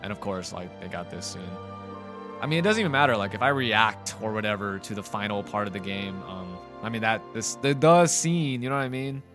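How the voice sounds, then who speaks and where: A man's voice: on the low side, over music. Frustrated man ranting over gameplay. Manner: frustrated, rambling, halting. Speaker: gaming channel host. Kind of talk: let's play commentary.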